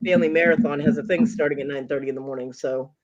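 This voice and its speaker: A woman guest in a casual chat, telling lively stories and acting out what people said. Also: sits low, very fast. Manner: animated storyteller who acts out quotes. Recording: dull lo-fi call audio.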